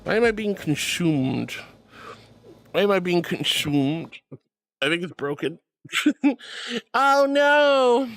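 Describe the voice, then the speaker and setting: A woman's voice: lowish voice, big pitch swings, slow, pauses often. A woman streaming and reading her chat, bubbly and giggly, calling her viewers sweetie and darling. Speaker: VTuber streamer. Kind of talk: livestream chat.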